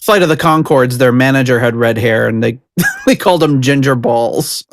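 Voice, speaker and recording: A man's voice: mid-range voice, lively intonation, moderate pace, no room sound, studio quality. A man from the United States hosting a podcast, giving casual, chatty reaction commentary and laughing often. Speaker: podcast host.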